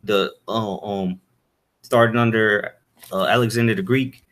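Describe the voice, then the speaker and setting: A man giving an informal Bible lesson, halting with many fillers and "all right?" tags, and reading verses aloud in old-fashioned wording. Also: fairly low pitch, fairly even intonation, fairly bright tone. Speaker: Bible teacher. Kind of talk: informal scripture teaching.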